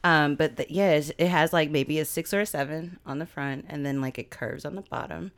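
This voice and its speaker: A woman co-hosts a podcast in a deep voice, talking briskly and frankly in casual chat. She teases and laughs often.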